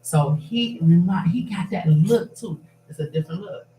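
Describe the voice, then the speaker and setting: Male host, slightly high voice, rambling and emphatic casual chat, echoey room with faint background noise. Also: moderate pace, warm tone.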